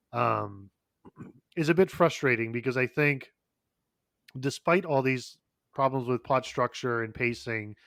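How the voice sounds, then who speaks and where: A man co-hosting a casual podcast, talking at a middle pitch in long, looping sentences full of "like" and "uh". He swears freely and keeps circling back to restate his point. The sound is dry and close, with no room around it. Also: fairly bright tone, no room sound. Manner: rambling, profane, lots of fillers and restarts. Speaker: podcast co-host.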